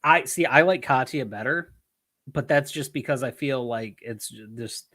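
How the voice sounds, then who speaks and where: A man's voice: medium pitch, moderate pace. A man from Michigan co-hosting a wrestling podcast in casual chat, rambling and swearing as he tells stories. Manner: rambling, swearing, animated storytelling. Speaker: podcast co-host.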